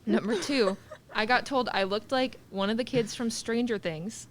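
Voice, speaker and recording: A woman's voice: a little high, moderate pace. Young woman telling stories animatedly. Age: 20s. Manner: animated storyteller acting out kids' voices. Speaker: podcast co-host. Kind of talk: casual podcast chat.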